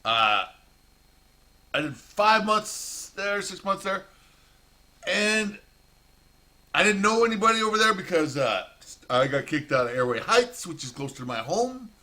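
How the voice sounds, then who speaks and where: A man's voice: high-pitched, big pitch swings, a little slow, pauses often, bright, forceful tone. A man telling a rambling, profane prison story in a casual monologue.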